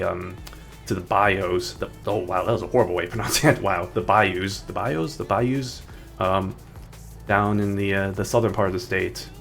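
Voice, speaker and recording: A man streaming a game, chatting casually in a rambling way with many restarts. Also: lowish voice. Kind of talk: casual gaming stream chat. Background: faint background music.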